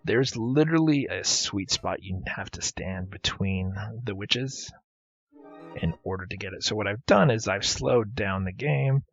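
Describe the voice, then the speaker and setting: A low-voiced man with a gravelly, husky tone talks through an old adventure game. He makes puns, laughs at his own mistakes, and lets his pitch swing widely as he goes. The recording is dull and lo-fi, with faint game music behind him. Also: lively intonation, a little slow. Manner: chatty, punning, self-deprecating. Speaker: let's play host. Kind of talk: game commentary.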